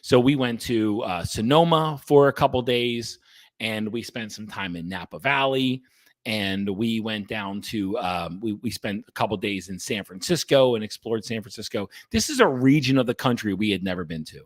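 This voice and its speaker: A man's voice: lowish voice, animated, normal speed, no echo. A man hosting a podcast, talking bluntly and emphatically to his listeners, swearing freely and often restarting his sentences. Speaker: podcast host and coach. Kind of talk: casual monologue to listeners.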